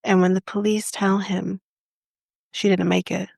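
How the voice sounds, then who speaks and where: Slow, gravelly Canadian woman, indignant. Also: mid-range voice, little pitch movement, a little mellow, no echo, studio quality. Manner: indignant, impassioned, blunt with swearing. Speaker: podcast co-host. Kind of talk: casual podcast chat, retelling a true story.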